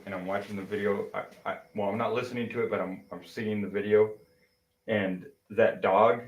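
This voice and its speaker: A man's voice: fairly low pitch, rough recording. Rambling, cursing male streamer. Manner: rambling, profane storytelling with frequent restarts. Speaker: live streamer. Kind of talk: casual live-stream chat.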